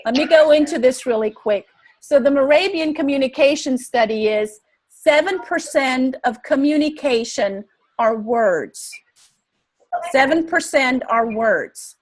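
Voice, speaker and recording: A woman teaching a live webinar, energetic and quizzing her audience with questions. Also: high voice, measured pace. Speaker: webinar presenter.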